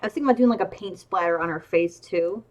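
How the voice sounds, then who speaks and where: Drawing emotes on stream, a woman talks casually in a fairly low voice at a quick pace, rambling along with many ums and restarts.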